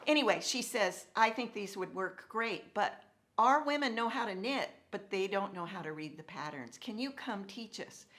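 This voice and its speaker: A middle-aged woman telling a personal story to an audience, acting out the dialogue she quotes. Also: mid-range voice. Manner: animated, acts out quoted dialogue. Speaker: speaker telling her story.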